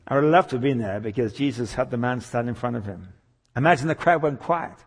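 A man's voice: medium pitch, fast. A man preaching a sermon, retelling stories and acting out the people in them. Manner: animated, voices characters in anecdotes. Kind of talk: sermon with acted-out storytelling.

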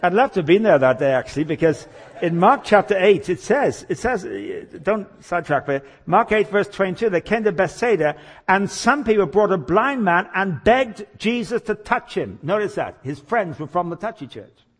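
A man's voice: high-pitched, moderate pace, slightly rough. A man preaching a sermon, retelling stories and acting out the people in them. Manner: animated, voices characters in anecdotes. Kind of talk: sermon with acted-out storytelling.

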